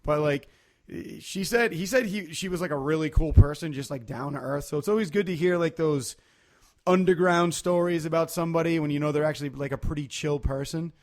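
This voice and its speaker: A man's voice: a little high, a little fast, a little mellow. Rambling man on a casual podcast. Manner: rambling, loose storytelling with many fillers. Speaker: podcast co-host. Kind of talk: casual chat.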